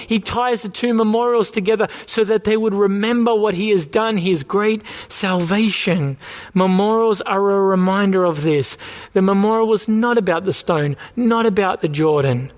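A man delivers a sermon from the pulpit, his voice sitting fairly high for a man. He preaches earnestly, circling back to the same point and pressing the congregation with repeated rhetorical questions. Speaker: pastor.

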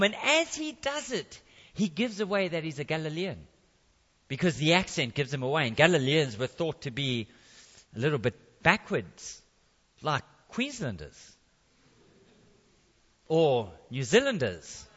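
A man's voice: fairly high pitch, big pitch swings, unhurried, fairly bright tone, big-room sound, highs cut off. A man preaching a sermon in a conversational way, with jokey asides.

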